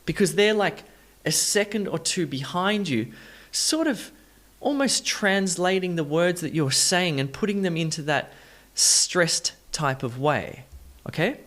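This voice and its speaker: A man's voice: a little high, animated, measured pace, fairly bright tone. A man teaching English pronunciation in an online lesson, talking emphatically and with enthusiasm, stressing words to demonstrate them.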